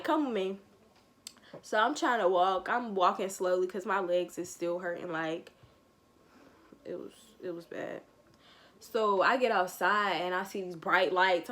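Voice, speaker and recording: A nineteen-year-old woman, telling a story on her vlog and acting out the quotes. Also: high voice. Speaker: vlogger.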